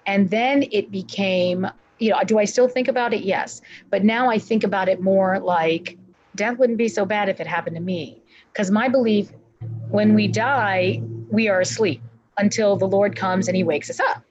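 A woman's voice: medium pitch, moderate pace, a little mellow, lo-fi sound, soft background music. A woman giving an earnest personal testimony as an interview guest, acting out her own prayers aloud.

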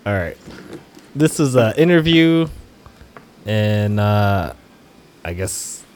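A man's voice: lowish voice, very animated, slow, darkish tone, clear, resonant tone. A man hosting a podcast in casual chat, laid-back and teasing, laughing often. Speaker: podcast host.

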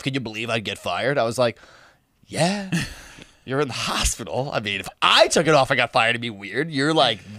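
Animated, swearing man telling a story. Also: medium pitch, dry recording, clean studio sound. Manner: animated, swearing, laughs often, acts out quotes. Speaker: podcast co-host telling a story. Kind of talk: casual storytelling chat.

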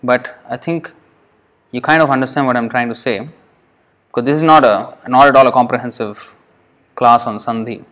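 Man, Sanskrit teacher, patient, spells words out, repeats slowly, classroom lesson. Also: mid-range voice, fairly bright tone. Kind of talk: explaining sandhi rules in a lesson.

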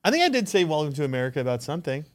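A man co-hosting a podcast in casual, crude banter, laid-back and quick to laugh loudly. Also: on the high side, sing-song, no room sound, clean studio sound. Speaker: podcast co-host.

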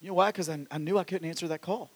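A man with a high voice preaches a sermon in a church, his words ringing with the long reverb of a large hall. He swings between loud, animated exclamations and quiet, intimate asides, stumbling over restarts as he presses his point. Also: rapid-fire, husky. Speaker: pastor.

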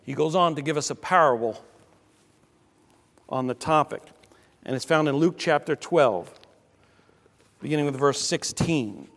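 A pastor preaching a sermon in an animated way, with sudden loud exclamations. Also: male voice, fairly high pitch, measured pace, gravelly, long pauses. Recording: long church reverb.

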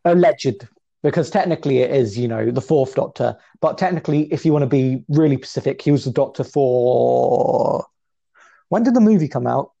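A man's voice: mid-range voice, lively intonation, normal speed, creaky, dark tone. A man co-hosting a casual podcast chat, talking chattily and laughing often. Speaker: podcast co-host. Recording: dull lo-fi audio.

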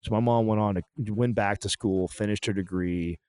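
A man's voice: fairly low pitch, fairly even intonation, normal speed, darkish tone. A podcast co-host in his thirties talking candidly in a blunt, profane, emphatic way.

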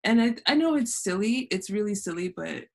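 A woman's voice: medium pitch, lively intonation, brisk, gravelly, a little mellow. A woman hosting a podcast, telling stories animatedly, acting out quotes and laughing often. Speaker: podcast host. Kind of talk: casual conversational interview.

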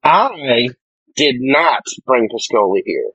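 A man's voice: medium pitch, sing-song, takes it slowly, fairly bright tone, breathy edge, dry recording, dull audio. A man playing a tabletop game, telling what his character did in a rambling, joking way, often correcting himself. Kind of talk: casual actual-play chat.

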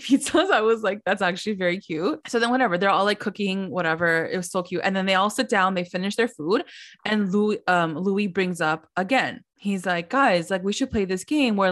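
A young woman co-hosting a podcast, chatting casually and filling her talk with "like" as she acts out quotes. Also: mid-range voice. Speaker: podcast co-host. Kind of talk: casual recap chat.

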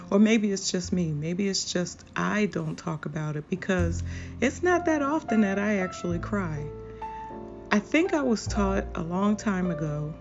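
A woman hosting a podcast, speaking in a slow, earnest, confessional monologue. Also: medium pitch. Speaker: podcast host. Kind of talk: personal reflective monologue. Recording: dull lo-fi recording with faint music.

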